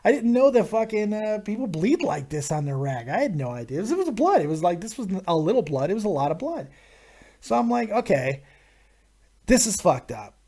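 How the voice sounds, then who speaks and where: Guy on a live stream telling a raunchy story, swearing nonstop, super animated. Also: high voice, brisk. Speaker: host of a live viewer Q&A stream.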